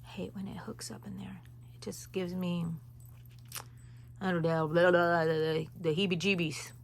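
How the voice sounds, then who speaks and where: A woman's voice: fairly low pitch, flat delivery, unhurried, creaky, slight background noise. A woman hosting a crochet tutorial, talking viewers through each stitch in a casual, rambling way with chatty asides. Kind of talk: casual step-by-step tutorial chat.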